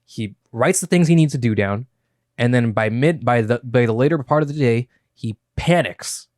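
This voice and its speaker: A man's voice: medium pitch, normal speed, no room sound. A young man co-hosting a casual podcast, talking animatedly and swearing freely into a studio microphone. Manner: animated, swears freely, does mock YouTuber voices. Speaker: podcast co-host. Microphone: studio microphone with headphones.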